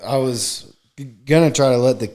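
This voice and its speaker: A man hosting a podcast, chatting casually and teasing his guest with quick interjections and laughs. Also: mid-range voice, a little mellow. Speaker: podcast host.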